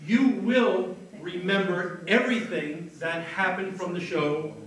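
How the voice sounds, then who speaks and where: A man working as a stage hypnotist, giving slow soothing suggestions and apologetic banter to volunteers. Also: high-pitched, fairly bright tone, distant mic. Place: live venue with audience. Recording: echoey room, taped from afar.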